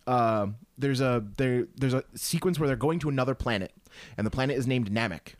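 A man's voice: mid-range voice, fairly quick, no room sound. Casual, swearing young man chatting. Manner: rambling, swears often, many fillers. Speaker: podcast co-host. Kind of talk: casual chat.

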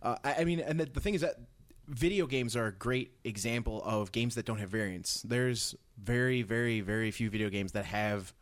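A man's voice: mid-range voice, moderate pace, no room sound. Dry-sounding man explaining game rules. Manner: explanatory, with many restarts. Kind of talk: casual chat about tabletop games.

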